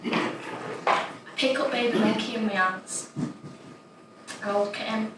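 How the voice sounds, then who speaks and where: A woman's voice: a little high, a little slow, close to an everyday voice. A woman playing a chatty little schoolgirl. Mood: innocent chatter. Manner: innocent, rambling, matter-of-fact. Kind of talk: dramatic monologue. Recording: echoey room, distant mic, noisy.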